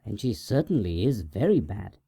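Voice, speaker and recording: A man's voice: fairly low pitch, very animated, moderate pace, creaky, mellow, breathy edge, no room sound, clean studio sound, full character voice. A man voicing a spiteful, grasping old village washerwoman in a storybook reading, with a curt, raised put-on voice.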